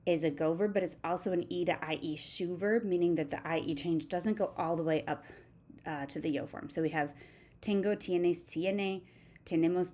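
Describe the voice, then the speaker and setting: Her voice is mellow and on the low side as she works through a recorded grammar lesson. The Spanish teacher recites each verb form in turn, with a steady, methodical and patient manner.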